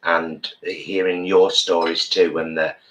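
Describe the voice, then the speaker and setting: Man, co-host of a live-stream meal chat, low bright voice, jokey and warm-hearted. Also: flat delivery, slow pace, muffled recording. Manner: playful, jokey, affectionate. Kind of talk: casual live-stream chat while eating.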